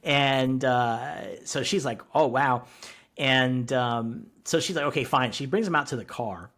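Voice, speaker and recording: A man co-hosting a podcast, retelling a TV episode in a rambling, animated way with laughs and swearing. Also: medium pitch, unhurried. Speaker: podcast co-host. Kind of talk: casual recap chat.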